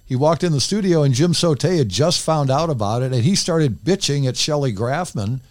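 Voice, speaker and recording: A man's voice: on the high side, lively intonation, moderate pace, no echo, studio quality. An older man, a former radio DJ, tells candid stories in a casual interview and rambles into many asides.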